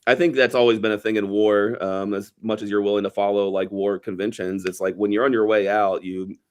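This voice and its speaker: A man's voice: on the low side, level tone, brisk. A man co-hosting a casual movie podcast, rambling and wry, swearing casually as he picks apart scenes. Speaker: podcast co-host. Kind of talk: casual movie review chat.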